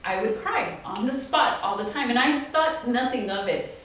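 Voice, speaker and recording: A woman's voice: on the high side, normal speed, recorded from a distance. Laughing woman telling stories in an echoey room. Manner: animated, laughing, acting out voices in quotes. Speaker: guest artist. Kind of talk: storytelling talk. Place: small office event space. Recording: very echoey room, from off-mic, faint noise.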